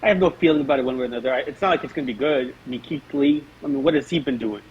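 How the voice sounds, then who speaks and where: A man's voice: medium pitch, rapid-fire, darkish tone, husky. A man co-hosting a wrestling review podcast, blunt and dismissive, ranting in exasperation. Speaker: podcast co-host. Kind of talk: casual wrestling review chat. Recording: dull lo-fi audio.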